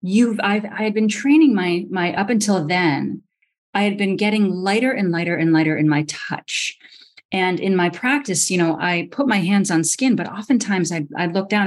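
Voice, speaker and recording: A middle-aged woman physician, a podcast guest, telling a story with lively energy and acting out the voices she quotes, often restarting her sentences. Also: lowish voice, normal speed. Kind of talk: animated storytelling in a podcast interview.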